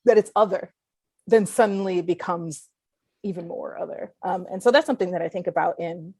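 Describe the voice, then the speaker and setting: A woman's voice: on the low side, brisk, darkish tone, husky, no room sound. A woman from Puerto Rico whose first language is Spanish, a guest writer talking casually and thoughtfully, often restarting her sentences. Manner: thoughtful, searching, with frequent restarts and fillers. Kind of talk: casual conversation.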